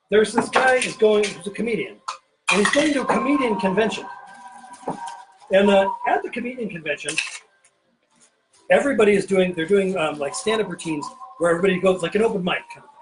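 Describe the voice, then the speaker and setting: A man with a high voice hosts a casual bartending show from his pirate-themed home bar, mixing drinks while telling a long joke. He rambles, interrupts himself and stays playful throughout. The audio quality is poor.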